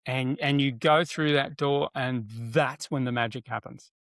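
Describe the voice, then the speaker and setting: A middle-aged man, an NLP trainer appearing as a guest in a casual interview, tells animated stories with many fillers and restarts, acting out what people said. His voice is medium-pitched and unhurried, with no echo.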